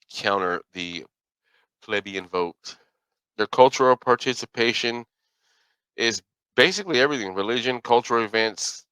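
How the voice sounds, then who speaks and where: A man's voice: on the low side, pushed and bright, clean tone, dry recording, rough recording. A middle-aged man hosting his own podcast, talking casually in a folksy, rambling way and often correcting himself. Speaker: podcast host. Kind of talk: casual solo commentary.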